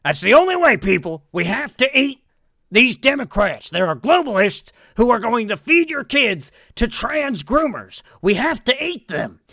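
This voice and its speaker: A man doing an impression of a paranoid male talk-radio conspiracy host, ranting in an impassioned, shouty way. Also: very high voice, very animated, normal speed, no room sound, pitched above the performer's own voice, exaggerated voice. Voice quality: gravelly. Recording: dry close room.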